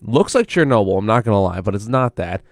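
A man's voice: on the low side, lively intonation, fast, dry recording. A young man hosting a college radio show, chatting alone in a rambling, self-interrupting way into a studio mic. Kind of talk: casual solo radio chat.

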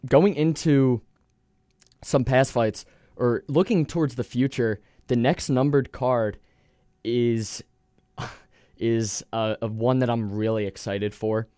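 Smooth-voiced young male radio host. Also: medium pitch, warm tone, no echo, studio quality. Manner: rambling, with restarts and fillers. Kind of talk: casual sports talk. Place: college radio studio.

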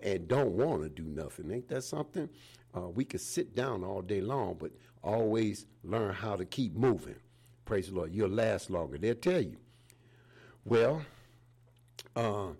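A man's voice: fairly low pitch, gravelly, mellow, slightly rough. A man in his seventies preaching an informal sermon in a folksy way, often repeating "praise the Lord" between phrases. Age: 70s.

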